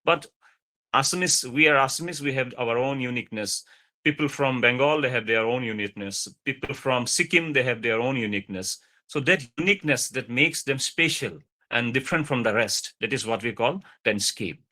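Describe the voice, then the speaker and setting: Guy lecturing on a video call, bright voice, lots of uh and repeating himself. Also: mid-range voice, brisk. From India. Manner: explanatory, repeats phrases for emphasis, frequent uh fillers. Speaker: guest lecturer.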